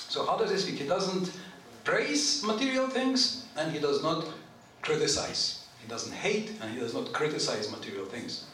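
Male lecturer with a very lively pitch, informal and chatty, quizzing the room; recorded off-mic in a booming hall. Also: measured pace, distant mic. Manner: animated, chatty, asks the audience questions; clears his throat often. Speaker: lecturer on scripture. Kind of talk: informal scripture lecture to a live group. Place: temple hall. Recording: very echoey hall, voice from off-mic, faint noise.

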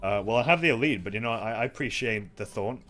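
A young man giving live, excitable commentary while playing a shooter game, swearing and laughing often. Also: lowish voice, fast talker, faint music behind. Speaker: streamer.

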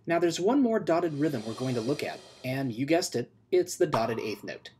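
A man teaching music theory in a scripted video lesson, explaining clearly and steadily and chanting rhythm syllables. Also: fairly high pitch, sing-song, normal speed, a little mellow, slight background noise. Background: music playing.

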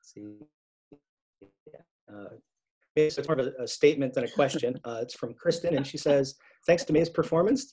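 A man's voice: medium pitch, normal speed, pauses often, darkish tone, breathy edge, low-quality recording. A man with an upstate New York accent moderating a casual live Q&A over a video call, reading out viewer questions and laughing often. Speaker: festival Q&A moderator.

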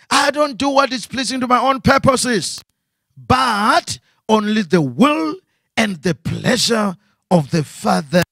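A man's voice: high-pitched, creaky, fairly bright tone, no echo, clean studio sound. A man preaching a sermon as pastor, asking rhetorical questions and repeating phrases.

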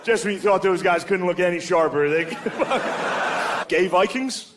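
A man in his thirties doing stand-up comedy on a club stage, telling crude stories in a deadpan way and slipping into mocking voices. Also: sits high, measured pace. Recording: live stage recording with audience noise. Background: audience laughter.

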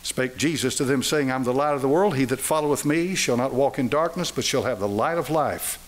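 A man preaching a sermon to a congregation, folksy and emphatic, with loud emphatic peaks. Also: mid-range voice, brisk. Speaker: pastor.

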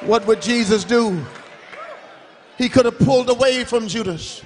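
A man preaching a revival sermon in a church, with an emphatic cadence that swings between shouted and sung phrases. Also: extremely high pitch, unhurried, some chatter behind, slight background noise. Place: church sanctuary. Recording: long church hall reverb.

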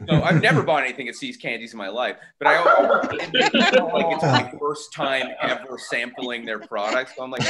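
A man's voice: mid-range voice, animated, moderate pace, hardly any pauses, over a noisy crowd. A man doing a self-deprecating, rambling stand-up set from his home over a video call, with chatty asides. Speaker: stand-up comedian.

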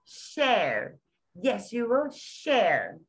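Female tutor, higher voice, patient, praising, slow and sing-song. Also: huge pitch swings, poor audio. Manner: patient, praising, repeats words slowly. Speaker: English tutor. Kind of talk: one-on-one lesson with a child.

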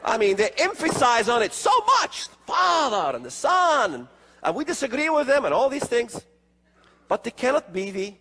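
Guy preaching prophecy stuff, husky voice, swings way up and down, big echoey hall. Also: sits high, bright, forceful tone. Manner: emphatic, rhetorical questions, sarcastic asides. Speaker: religious speaker. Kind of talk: emphatic prophecy lecture. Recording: long hall reverb.

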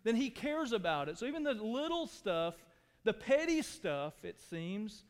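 A pastor preaching a sermon to his church, earnest, dropping to hushed tones and rising to pleading. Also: high-pitched, sing-song, a little slow, smooth. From Texas. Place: church sanctuary. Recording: long hall reverb.

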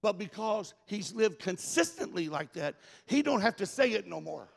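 High, gravelly preacher, man. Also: very animated, moderate pace, hardly any pauses, in a large hall. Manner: folksy, emphatic preaching that builds to shouts. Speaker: pastor. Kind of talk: sermon. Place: large church sanctuary.

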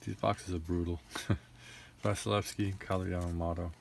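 Young guy ripping card packs, kinda low voice, annoyed and muttering. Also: flat delivery, normal speed, creaky, a little hiss or hum. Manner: rattles off names, frustrated and grumbling. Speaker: card collector opening packs. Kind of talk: casual card-opening commentary.

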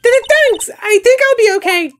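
A woman's voice: very high voice, lively intonation, a little fast, slight background noise, voice pushed up. A woman voicing a jumpy, flustered teenage girl sidekick in a game playthrough. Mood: timid.

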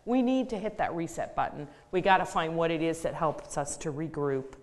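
A woman's voice: deep voice, moderate pace, big-room sound. A middle-aged woman, an occupational therapist, giving a conversational public talk. She tells a practical case story in plain words, with some fillers and restarts.

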